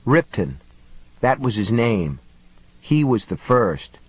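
A man voicing a solemn young boy who talks quietly and gravely about terrible things. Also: mid-range voice, big pitch swings, takes it slowly, dry recording, exaggerated voice. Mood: somber.

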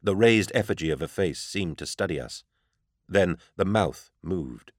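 A man reading a first-person story aloud in a grave, measured storytelling manner. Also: low voice, lively intonation, no echo, clean studio sound. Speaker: audiobook narrator. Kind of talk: first-person scripted narration.

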